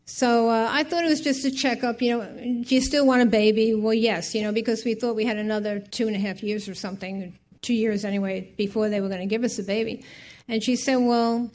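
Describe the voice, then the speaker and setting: An older woman from New York telling a personal story to an audience in a chatty, lively way, acting out the voices she quotes. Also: a little high.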